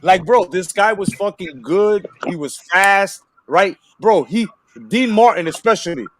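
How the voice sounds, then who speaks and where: A man hosting a casual movie-talk livestream, telling stories in an animated, swearing way. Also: sits high, unhurried. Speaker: livestream host.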